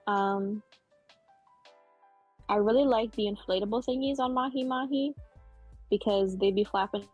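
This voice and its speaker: A woman co-commentating an esports stream, playful and sarcastic, quick to get excited. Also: medium pitch, slightly rough, soft background music. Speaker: tournament co-commentator.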